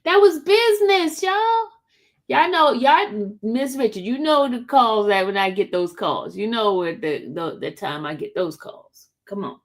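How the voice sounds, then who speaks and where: A woman's voice: mid-range voice, a little slow, hardly any pauses. Woman livestream host, casual, talky, repeats herself for emphasis. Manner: chatty, addresses viewers as y'all; loud emphatic repetition.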